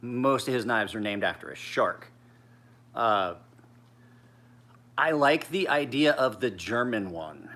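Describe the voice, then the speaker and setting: A tired man in his forties who rambles in a laid-back, profane way. His voice is bright and sharp, and he speaks as a knife sharpener chatting casually with viewers. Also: medium pitch, expressive, slow, pauses often. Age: 40s.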